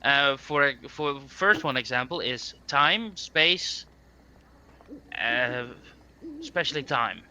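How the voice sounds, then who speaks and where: A man's voice: medium pitch, expressive, slow, pushed and bright, clear, resonant tone. A man playing a tabletop game, eager and laughing, stumbling over fillers. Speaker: player. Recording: dull lo-fi mic with faint noise.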